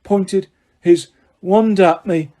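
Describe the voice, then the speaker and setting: A man voicing a shaken, spoiled teenage boy who mumbles hoarsely and stammers. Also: high-pitched, fairly even intonation, takes it slowly, warm tone, pitched above the performer's own voice. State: hoarse, trembling.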